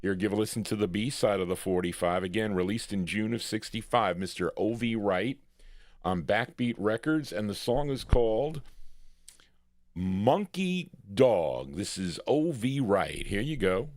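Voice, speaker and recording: A man's voice: fairly low pitch, moderate pace, dry recording, studio quality. A man hosting a live music show, chatting casually between records and announcing listener requests. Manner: easygoing, chatty, announces requests and chart facts. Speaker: radio show host and record DJ.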